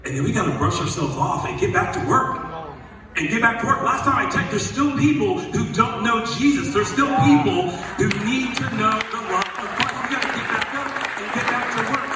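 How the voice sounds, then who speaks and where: A male pastor telling a story in a sermon, then building to loud, emphatic preaching. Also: sits high. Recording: echoey hall, voice from a distance.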